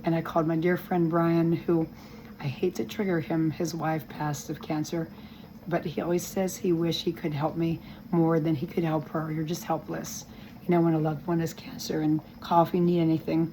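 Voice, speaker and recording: A woman speaks from a hospital room in a lowish, weak and strained voice, halting and restarting as she talks. Her voice breaks with emotion from time to time. A faint hiss sits under the recording. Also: little pitch movement, mellow, rough recording. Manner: earnest, rambling and halting, with many restarts. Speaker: vlogger giving a health update. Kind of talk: personal video update.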